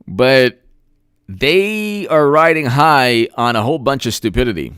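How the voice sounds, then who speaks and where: A man's voice: medium pitch, animated, unhurried, fairly bright tone, clean tone, no echo. A man doing sarcastic live-stream commentary, reading chat and mocking people with put-on voices. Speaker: political commentator.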